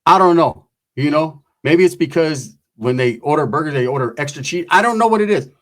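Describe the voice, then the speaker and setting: A man's voice: a little high, lively intonation, a little fast, fairly bright tone. Slangy, profane storyteller man. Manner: loose, profane, slangy storytelling with frequent "right?" asides. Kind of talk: casual storytelling.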